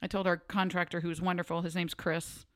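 A woman's voice: fairly low pitch, a little fast. A woman co-hosting a casual chat, telling a story and acting out the lines of the people in it. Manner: animated storyteller acting out quotes.

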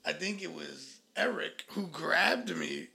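A man's voice: fairly high pitch, slow, gravelly, bright, forceful tone. A man, co-hosting a podcast and telling a story in laid-back slang, acting out the dialogue. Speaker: podcast co-host. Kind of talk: casual storytelling chat.

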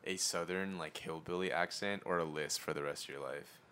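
A man's voice: low voice, steady tone, a little fast, pushed and bright, a little hiss or hum. A man in casual podcast chat who swears often and keeps saying bro.

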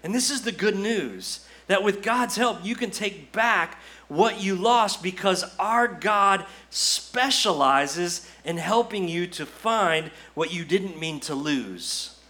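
A man's voice: sits high, lively intonation, takes it slowly, few pauses, pushed and bright. A man preaching a sermon as pastor, earnest and exhorting, full of repetitions and rhetorical questions. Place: church.

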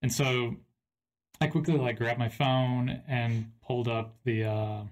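A man's voice: medium pitch, fairly even intonation, unhurried. A young man co-hosting a podcast, casually chatting and explaining things plainly. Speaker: podcast co-host. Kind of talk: casual chat.

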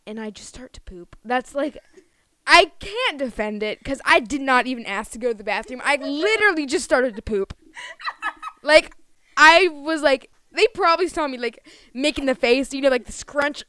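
High, smooth-voiced woman telling stories. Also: normal speed, no echo. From Pennsylvania. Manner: animated, giggly storyteller. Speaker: podcast co-host. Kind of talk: casual storytelling chat.

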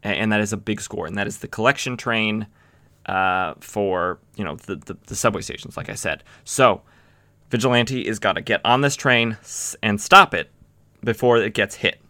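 A comic book podcast host recaps an issue in a loose, rambling style packed with fillers and restarts, sometimes jumping into quick acted-out quotes. His voice is bright and forceful, pitched slightly low, and the recording is dry and close with no room sound.

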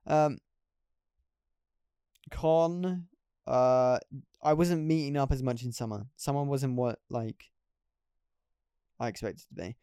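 A man's voice: mid-range voice, takes it slowly, pauses often, mellow, smooth, no room sound, clean studio sound. A young man hosting a casual solo podcast, rambling and poking fun at himself. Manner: rambling, self-deprecating, laughs at himself. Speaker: podcast host.

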